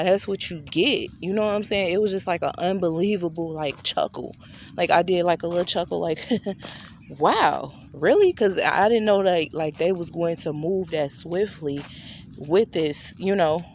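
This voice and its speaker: Chatty woman telling a storytime. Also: slight background noise. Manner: chatty, addresses viewers directly; acts out quoted dialogue with shifting pitch. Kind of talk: casual storytime.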